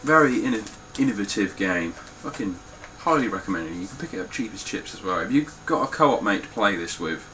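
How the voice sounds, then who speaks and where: A man's voice: lowish voice, expressive, fairly quick, few pauses, pushed and bright, a little hiss or hum, rough recording. A young man talking casually through his game collection, blunt and swearing freely. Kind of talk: casual spoken collection walkthrough.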